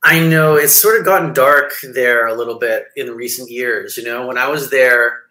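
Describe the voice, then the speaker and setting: A man's voice: mid-range voice, moderate pace, sharp tone, echoey room, rough recording. A man in his forties from Montreal, a label founder talking as an interview guest in a rambling casual way with many fillers and restarts. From Montreal, Canada.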